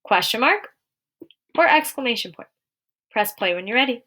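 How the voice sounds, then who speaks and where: A young adult woman teaching a recorded lesson to young children, clear and encouraging, slowing down to read example sentences aloud. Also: fairly high pitch, lively intonation, bright, forceful tone.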